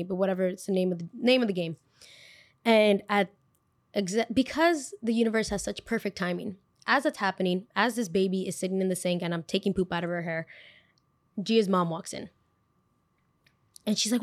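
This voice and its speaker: A young woman hosting a podcast, telling a story in a chatty, animated way with lots of filler words. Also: medium pitch, a little fast. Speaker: podcast host. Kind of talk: casual storytime.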